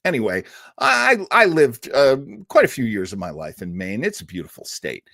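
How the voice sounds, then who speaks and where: Lively, chatty male host from New England. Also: mid-range voice, moderate pace, vocal fry, no room sound, clean studio sound. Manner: chatty and digressive, with frequent fillers and laughs. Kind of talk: casual storytelling commentary.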